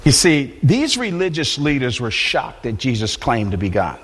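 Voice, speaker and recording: A man's voice: medium pitch, sing-song, moderate pace, fairly bright tone, husky. A man preaching a sermon in a loose, conversational way, restarting and repeating words as he talks. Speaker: pastor. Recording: long hall reverb.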